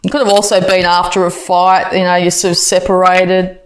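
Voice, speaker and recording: Woman, tarot reader, lowish voice, casual, rambling with fillers. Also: flat delivery, moderate pace. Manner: chatty, many fillers and restarts.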